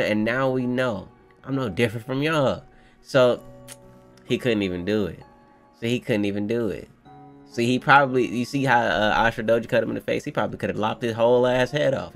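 A young man hosting a casual manga reaction, excitable, slangy and profane as he riffs to his viewers. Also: medium pitch, a little fast, gravelly, faint music behind. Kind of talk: casual live reaction commentary.

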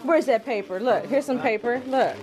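A woman's voice: a little high, normal speed. A woman vlogger at a family gathering, coaxing her dog in a playful way. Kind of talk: casual home vlog. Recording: noisy room full of family chatter.

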